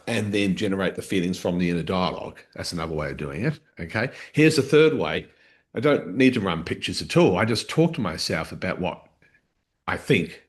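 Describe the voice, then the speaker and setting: A man coaching a live training session, explaining step by step, restarting phrases and checking in with "okay?". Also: low voice.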